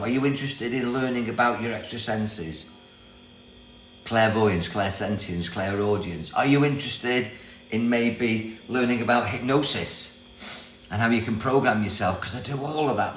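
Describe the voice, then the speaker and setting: A medium-pitched, slightly bright voice belongs to an older British man hosting a casual self-help livestream in Thailand. Chatty and rambling, he reads out viewer comments and laughs often, with echo and mains hum in the recording.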